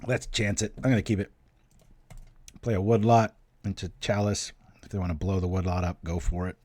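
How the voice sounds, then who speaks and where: A man's voice: low voice, steady tone, normal speed, warm tone. A man hosting a card game show, chatting casually as he plays and talks himself through each move. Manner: chatty, self-talking, cracks small jokes. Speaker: gaming channel host. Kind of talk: casual gameplay commentary.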